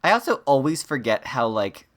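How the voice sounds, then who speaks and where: A man with a mid-pitched, everyday voice co-hosts a casual movie podcast. He retells scenes in a lively way and slips into the characters' lines as he goes. The talk is loose and conversational. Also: normal speed. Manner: animated retelling, quotes characters in mock voices. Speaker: podcast co-host. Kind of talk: casual comedic movie recap.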